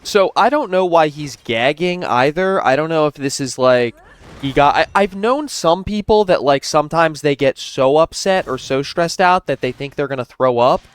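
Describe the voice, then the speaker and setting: A man's voice: a little high, lively intonation, moderate pace, smooth. A man narrating a commentary video, explaining at length and sounding incredulous.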